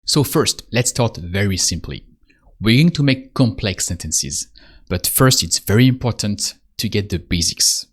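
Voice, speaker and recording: A man giving a spoken language lesson, patiently repeating prompts and pausing for the listener to answer. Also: fairly low pitch, expressive, husky. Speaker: French teacher.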